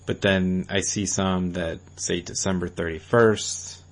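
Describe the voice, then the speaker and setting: Deep-voiced young man in casual gaming chat. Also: fairly even intonation, a little slow. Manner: loose, rambling, swears casually. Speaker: podcast co-host.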